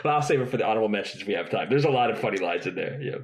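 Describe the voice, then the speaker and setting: A man's voice: on the low side, lively intonation, rapid-fire, low-quality recording. A man co-hosting a podcast, chatting casually, recapping scenes with frequent giggles. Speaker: podcast co-host. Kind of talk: casual chat.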